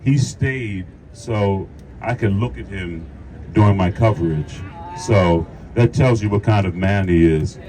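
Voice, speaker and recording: A man's voice: lowish voice, unhurried, mellow, slight background noise, poor audio. A man, an actor, giving a rambling, emotional speech at an outdoor union rally, laughing and repeating himself into a handheld mic. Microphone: handheld microphone.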